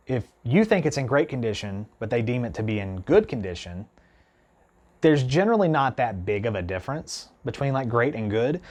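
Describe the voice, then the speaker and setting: A man vlogging casually to camera, telling an indignant story in a rambling way, full of "like" and "you know". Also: mid-range voice. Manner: animated, indignant retelling with many restarts. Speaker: guitar vlogger.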